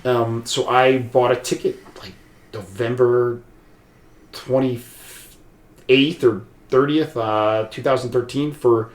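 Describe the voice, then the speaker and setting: Slowly and with fairly even intonation, a medium-pitched American man rambles through a long personal story as a podcast guest, often restarting and saying "like." He's a martial arts practitioner, recorded in a roomy, echoing space.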